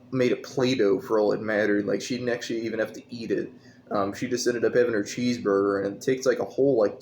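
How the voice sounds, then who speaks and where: Casting note: a man doing a low-pitched, scornful, rambling movie rant over a faint hum. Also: vocal fry, a little mellow. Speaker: movie reviewer. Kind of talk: casual rant.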